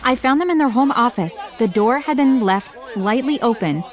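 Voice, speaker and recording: A woman giving scripted first-person narration for an animated story, matter-of-fact with wry asides. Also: on the high side, moderate pace, some chatter behind, a little hiss or hum.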